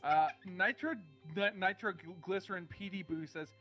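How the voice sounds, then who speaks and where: A man's voice: high-pitched, a little slow, few pauses, sharp tone, faint music behind. A man co-streaming a game, chatting casually and joking around. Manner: jokey and playful. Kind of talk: casual let's-play chat.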